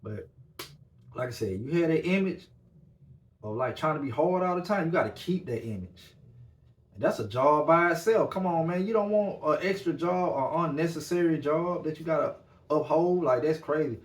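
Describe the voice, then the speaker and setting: A man's voice: a little high, lively intonation, moderate pace. A man hosting a podcast, talking in a loose, laid-back monologue and tagging nearly every line with "man". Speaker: podcast host. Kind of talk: casual monologue. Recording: echoey room.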